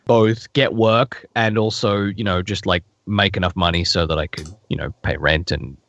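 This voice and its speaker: Male voice actor guest, low register, dry booth sound, relaxed and rambling answers. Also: moderate pace, gravelly, dry recording. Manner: thoughtful, rambling with frequent restarts and fillers. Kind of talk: casual interview answers.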